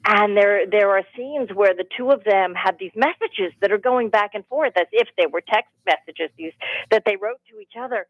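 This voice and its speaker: A woman, an author and audiobook narrator, telling animated stories as a guest in a radio studio interview. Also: mid-range voice, normal speed, dry recording, muffled recording. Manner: animated storytelling, rambling with restarts.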